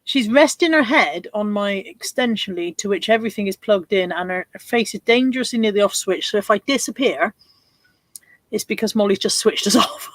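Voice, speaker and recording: A woman hosting a casual livestream from her home desk, chatting and reading out viewer names in quick lists. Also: mid-range voice, expressive, dry recording. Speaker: livestream host.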